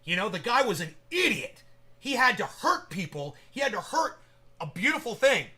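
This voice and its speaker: Guy on a livestream chatting to his viewers, high bright voice, rambly and sweary. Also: very animated, moderate pace. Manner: rambling, profane, talks to chat by name. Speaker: livestream host. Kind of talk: casual livestream chat.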